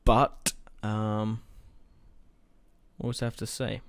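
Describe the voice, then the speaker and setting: A man's voice: lowish voice, level tone, extremely slow, clear, resonant tone, no room sound. A young man giving casual, rambling let's-play commentary as he plays, thinking aloud and swearing now and then. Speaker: gaming let's-play host.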